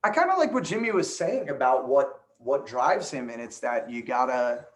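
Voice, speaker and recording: A man's voice: mid-range voice, lively intonation, moderate pace. A man in his late twenties from New Jersey, a band singer talking earnestly in a casual interview, with a few filler ums. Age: late 20s.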